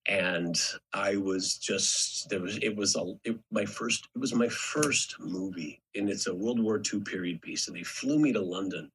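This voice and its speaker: A man's voice: on the low side, measured pace, hardly any pauses, a little hiss or hum, poor audio. A middle-aged man, a guest actor, telling stories in a casual podcast chat and acting out the quotes in them. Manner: animated storyteller, acts out quotes.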